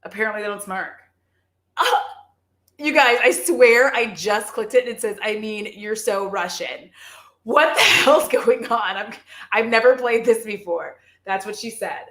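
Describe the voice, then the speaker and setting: A woman's voice: a little high, lively intonation, moderate pace, fairly bright tone. Giggly rambling woman on a live stream, lots of likes and ums, echoey room. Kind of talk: casual livestream chat.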